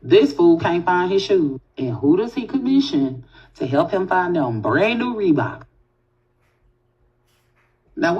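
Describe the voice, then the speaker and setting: Low-voiced woman spinning a spooky yarn. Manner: animated, profane, talks straight to the audience. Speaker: storyteller. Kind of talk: casual spooky storytelling. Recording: dull lo-fi audio.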